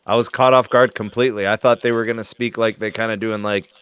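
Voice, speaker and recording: A man's voice: fairly low pitch, steady tone, quick pace, fairly bright tone, smooth. A man hosting a podcast, chatting casually and leaning on fillers like "you know.". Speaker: podcast host. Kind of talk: casual group chat.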